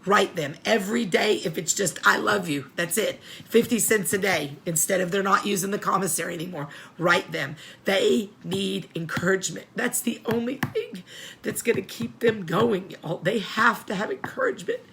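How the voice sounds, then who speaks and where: A woman's voice: mid-range voice, expressive, moderate pace, vocal fry, fairly bright tone, a little hiss or hum. A middle-aged woman hosting a support show, tearful and pleading as she gives heartfelt advice, repeating herself for emphasis. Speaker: host of an inmate support show.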